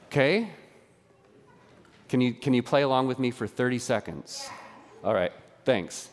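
A man preaching a sermon as pastor, lively and conversational, drawing the congregation into a call-and-response exercise. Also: medium pitch, a little slow, big-room sound. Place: church sanctuary.

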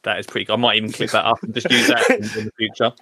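A man's voice: on the low side, level tone, racing, bright, forceful tone, husky. A British man hosting a live gardening stream, chatting casually, joking and laughing as he reads out viewer comments. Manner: jokey, laughs often, reads comments aloud. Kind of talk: casual chat.

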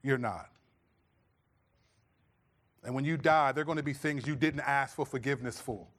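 A man's voice: medium pitch, moderate pace. A middle-aged man preaching a sermon as pastor, telling stories and acting out his own voice as a dad. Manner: animated storytelling, acts out his own scolding voice.

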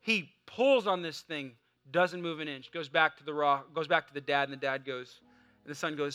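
A man preaching a sermon, swinging from loud fervent exhortation to a hushed, conversational story. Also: fairly high pitch, normal speed, smooth, faint music behind. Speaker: pastor.

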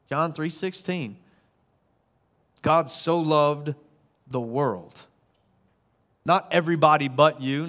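A man preaching a sermon as a pastor, earnest, swelling to emphatic and then dropping soft. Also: fairly high pitch.

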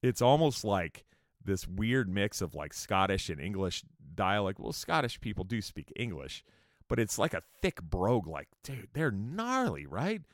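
Casting note: a man with a low, very lively voice, a rambling storyteller full of cursing and asides, dry close sound. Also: a little slow, no echo. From California. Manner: profane, rambling, joking asides. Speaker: musician telling tour stories. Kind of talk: casual storytelling monologue.

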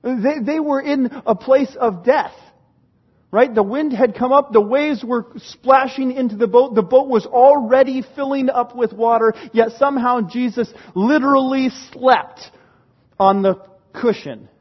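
A man preaching a sermon, swinging from loud dramatic retelling to hushed emphasis. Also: very high-pitched, measured pace, highs cut off. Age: adult parent. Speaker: pastor.

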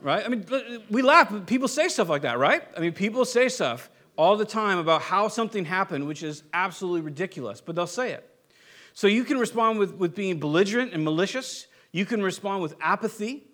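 A middle-aged pastor with a high-pitched voice delivers a sermon in a loose, conversational way. He keeps asking his listeners "right?" and slips into acting out the people in his stories. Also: animated, fairly quick, a bit bright. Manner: conversational, acts out quoted people, frequent "right?".

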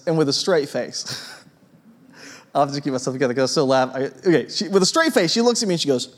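A man preaching a sermon in a church, conversational and lively, with a storytelling manner and frequent asides to his listeners. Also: mid-range voice, brisk. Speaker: pastor.

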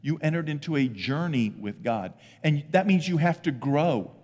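A middle-aged man preaching a lively sermon as pastor, often breaking into loud acted voices. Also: on the high side, moderate pace, long reverb tail. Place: church sanctuary.

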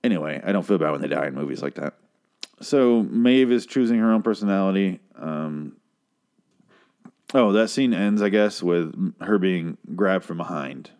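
A man recapping a TV episode in a casual, rambling way, swearing freely, and jumping into high-pitched impressions of the characters. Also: lively intonation, normal speed, darkish tone. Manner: rambling, profane, restarts a lot; mimics characters in a raised voice.

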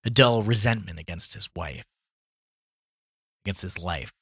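A man's voice: sits low, a little slow, husky, no echo, studio quality. A man reading a short story aloud for a podcast, acting out the dialogue with feeling. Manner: expressive, voices the dialogue dramatically. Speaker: podcast reader.

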